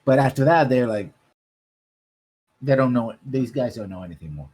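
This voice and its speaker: A man's voice: mid-range voice, animated, normal speed, darkish tone, husky. A man running a tabletop game as game master, describing scenes at length and often checking in with the players. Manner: descriptive, keeps checking in with "right?".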